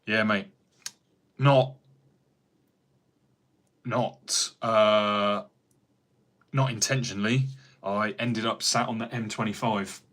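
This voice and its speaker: A man's voice: fairly low pitch, fairly even intonation, slow, long pauses, a bit bright. A man with an English accent, rambling in casual livestream chat as a carpenter answering viewer comments. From England. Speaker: carpenter streaming live.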